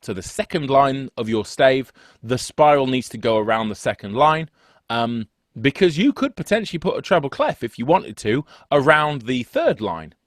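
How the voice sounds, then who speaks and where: A man's voice: medium pitch, very animated, moderate pace, no room sound, studio quality. A man teaching an online music theory lesson on a video call, chatty and self-deprecating, wandering off into asides. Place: home setup with two screens. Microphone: desk microphone on a video call.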